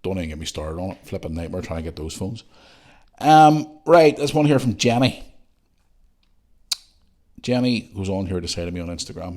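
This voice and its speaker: A middle-aged man with a Northern Irish accent chats casually as a podcast host, reading out messages from listeners. His voice sits a little low. He talks in a loose, rambling way and drifts into jokey asides. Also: expressive, normal speed, pauses often, darkish tone. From Northern Ireland.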